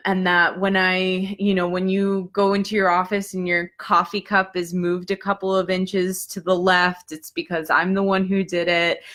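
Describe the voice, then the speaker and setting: A young woman with a bright, forceful voice tells a personal story in a relaxed, chatty way. She acts out her own past words, jumping high in pitch and then dropping to a hushed whisper. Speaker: psychic Q&A host. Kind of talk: casual storytelling.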